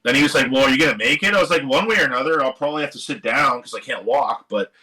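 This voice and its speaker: A middle-aged man from Seattle, telling a long story as a guest in a casual live-streamed interview. His voice is bright and forceful, and he talks animatedly, acting out the people in his story and swearing now and then. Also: mid-range voice, rapid-fire, low-quality recording. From Seattle area. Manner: animated, swearing, quotes others in lively voices. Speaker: guest musician. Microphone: live stream microphone.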